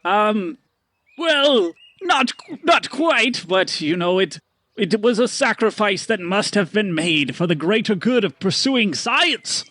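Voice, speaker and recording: A man voicing a boastful showman merchant, with a theatrical sales pitch and drawn-out words, in a tabletop role-play. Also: lively intonation, sharp tone, no echo, heavily acted. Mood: evasive.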